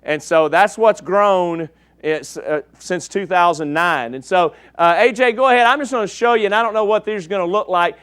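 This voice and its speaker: A man's voice: high voice, normal speed, a bit bright, clean tone, no room sound. A man preaching in a church, folksy and joking with the congregation. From East Texas. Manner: folksy and joking, checks in with "okay?". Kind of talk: sermon with a slide show.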